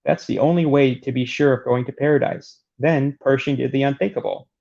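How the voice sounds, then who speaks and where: A man's voice: mid-range voice, fairly even intonation, fairly quick, gravelly, a little mellow, natural voice. A man reading the lines of a frightened male fighter fleeing in panic, in a near plain voice. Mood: distraught. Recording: dull lo-fi recording.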